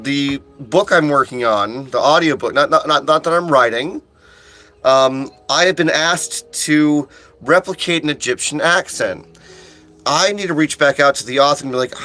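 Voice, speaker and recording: A man, an audiobook narrator, chatting casually with viewers on a livestream, excitable and quick to burst into exclamations, with frequent restarts. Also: fairly high pitch. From United States. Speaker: audiobook narrator live-streaming. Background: faint chill music he put on.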